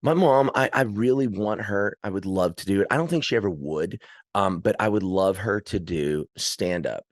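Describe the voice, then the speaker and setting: A man with a lowish voice chats loosely as a podcast guest, wandering through stories and breaking into laughter. The sound is dry and close, with no room around it. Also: normal speed, no echo. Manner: rambling, laughing storyteller. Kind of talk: casual chat.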